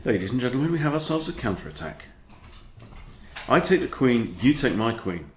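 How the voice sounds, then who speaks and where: A man, a chess coach talking through his own game in a chatty, animated way. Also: medium pitch, moderate pace, slight background noise. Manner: chatty, animated, breaks off to scold his dog. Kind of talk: casual game commentary. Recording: echoey room.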